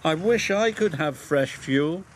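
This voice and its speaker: A man's voice: a little high, lively intonation, moderate pace, a little mellow, a little hiss or hum, pitched above the performer's own voice, natural voice. A man voicing a proud, eager little male tank engine from a children's cartoon, in a raised, indignant voice.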